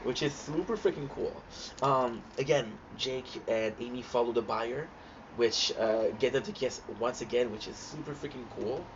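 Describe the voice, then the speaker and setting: An excitable man gushing through a casual episode recap, tripping over restarts and fillers. His voice is muffled and lo-fi, with steady noise hissing behind it. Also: medium pitch, moderate pace. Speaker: host reacting to a TV series. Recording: dull lo-fi sound with clear background noise.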